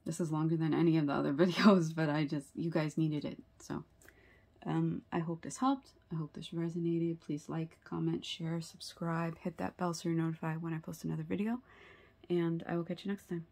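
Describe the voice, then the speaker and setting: Low, gravelly-voiced tarot reader woman. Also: level tone, normal speed, a little mellow. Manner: earnest and sympathetic, many fillers and rhetorical "right?". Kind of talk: tarot reading video.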